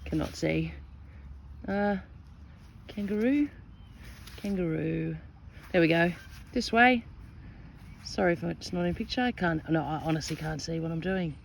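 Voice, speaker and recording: A woman giving chatty, excitable commentary to viewers while metal detecting outdoors in a park. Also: lowish voice, normal speed, pauses often, poor audio. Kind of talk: casual commentary to camera. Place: outdoors in a park under trees. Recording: outdoor recording with clear wind and ambient noise.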